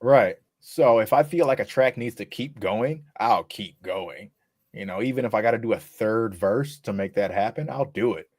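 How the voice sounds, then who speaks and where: A man talking as the guest on a casual podcast interview, laid-back and relaxed, swearing now and then as he talks. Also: lowish voice, normal speed, no echo, clean studio sound. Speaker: rapper guest.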